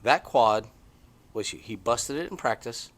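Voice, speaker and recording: A middle-aged man co-hosting a podcast in an easygoing chat, his voice sitting at an ordinary pitch. He gets excitable as he tells stories, and his emphasis rises and falls sharply. It sounds like a relaxed talk out on a porch. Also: measured pace. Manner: animated, excitable storytelling with big swings in pitch. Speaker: podcast co-host. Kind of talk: casual chat. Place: porch, outdoors.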